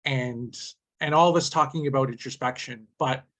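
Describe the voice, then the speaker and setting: A man's voice: mid-range voice, moderate pace, a bit bright. A man hosting a webcast conversation, posing long rambling questions to his guests. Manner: rambling, many fillers and restarts. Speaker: host.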